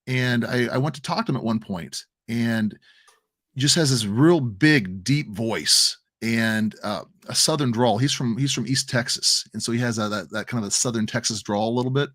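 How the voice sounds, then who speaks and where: A man from the American Midwest talks on a casual livestream in a mid-pitched voice. He tells a heartfelt story in a rambling way, stumbling and repeating words as he goes. The sound is dry and close, with no room echo. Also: moderate pace, fairly bright tone. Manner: emotional, rambling storytelling with many restarts. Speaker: crypto stream co-host.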